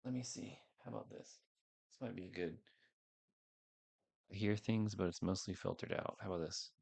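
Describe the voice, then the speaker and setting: Low gravelly man chatting on a stream. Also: moderate pace, a little mellow. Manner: rambling, unsure, talks to viewers. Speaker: livestream host. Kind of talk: casual livestream chat. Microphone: headset microphone.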